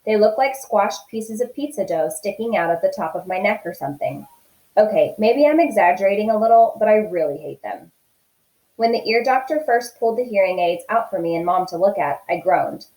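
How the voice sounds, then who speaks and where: A woman teacher reading a novel aloud in an expressive, steady storytelling voice. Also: mid-range voice, brisk, echoey room, low-quality recording.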